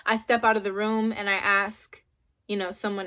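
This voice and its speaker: A woman's voice: mid-range voice, normal speed. A young woman vlogger casually recounting a personal story to camera, acting out her own quoted lines bluntly. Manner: animated retelling with quoted dialogue, frank and blunt.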